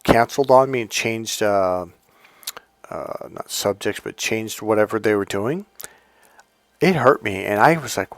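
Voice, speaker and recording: A man's voice: on the low side, normal speed, creaky, dry recording. Rambling man giving a motivational talk. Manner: rambling, searching for words, many restarts. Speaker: life coach. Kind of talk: unscripted motivational talk to camera.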